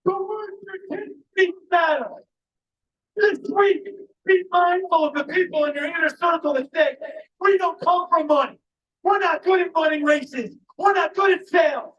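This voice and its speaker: High-voiced man shouting a keynote. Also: normal speed, far from the mic, dull audio, a little hiss or hum. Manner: emphatic, often shouting to the crowd. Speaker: motivational speaker. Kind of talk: live keynote speech. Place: large live event venue.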